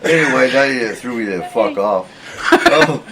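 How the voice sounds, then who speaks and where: A man's voice: mid-range voice, animated, unhurried, background noise. A man hosting a live podcast from a mountain bunker, laughing often and swearing freely in casual chat. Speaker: podcast host.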